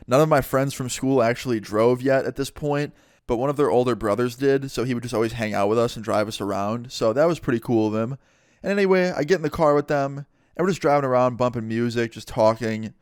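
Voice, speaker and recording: A laid-back young man in his twenties tells a story in loose, slangy talk and swears freely. His voice sits in a middle pitch, and the recording is dry and close. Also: fairly quick, clear, resonant tone, no echo. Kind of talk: casual storytime.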